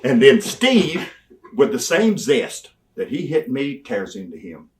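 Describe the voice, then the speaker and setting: Older man telling lively stories. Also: mid-range voice, takes it slowly, far from the mic. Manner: animated, acts out dialogue. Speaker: interview guest. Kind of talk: storytelling in an interview.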